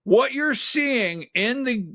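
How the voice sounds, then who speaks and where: Brief: male talk-show host, high voice, unhurried, sarcastic and emphatic, dry close sound. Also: lively intonation, pushed and bright, dry recording. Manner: sarcastic, emphatic, directs a producer. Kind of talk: conservative political commentary.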